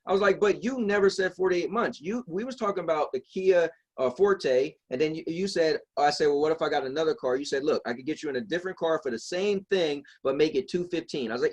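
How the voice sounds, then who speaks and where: Speaking a little fast in a fairly high voice, this man co-hosts a podcast and spins a long story in casual chat. He delivers it with animation, performing the voices of those he quotes.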